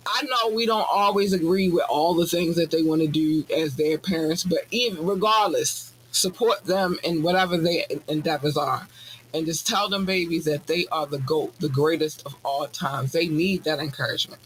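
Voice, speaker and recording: A man hosting a podcast, talking in a casual comedic monologue with animated, profane, jokey ranting. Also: moderate pace, a little hiss or hum, low-quality recording. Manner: animated, profane, jokey ranting with sudden high-pitched outbursts. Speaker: podcast host.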